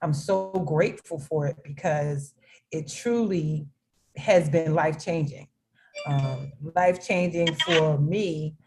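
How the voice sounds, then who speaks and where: Facilitator: unhurried woman with a lowish voice, chatty and laughing, on a video call. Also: dark tone, breathy edge. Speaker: meeting facilitator. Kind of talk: casual video-call chat.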